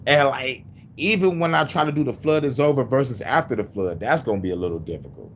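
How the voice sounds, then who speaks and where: A man's voice: mid-range voice, very animated, fairly quick, a little hiss or hum. A man talking casually on his livestream, rambling and venting with heavy swearing. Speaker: livestreaming musician.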